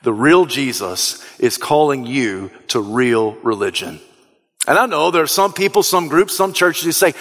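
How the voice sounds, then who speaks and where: A man preaching a sermon as pastor, swinging from soft, low asides to shouted, rising appeals. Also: expressive, measured pace. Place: church sanctuary. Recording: long reverb of a large hall.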